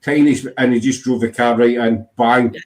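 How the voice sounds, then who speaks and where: A man's voice: medium pitch, steady tone, moderate pace, darkish tone, poor audio. A man chatting casually as host, rambling through stories and saying "you know" a lot. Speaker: podcast host. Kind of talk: casual chat.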